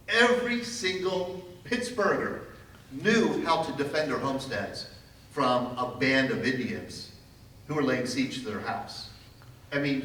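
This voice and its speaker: A man's voice: mid-range voice, slight background noise. Guy giving a history talk, storyteller vibe, kinda funny, far from the mic in a big echoey room. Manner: lively storyteller, wry humor. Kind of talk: public history lecture.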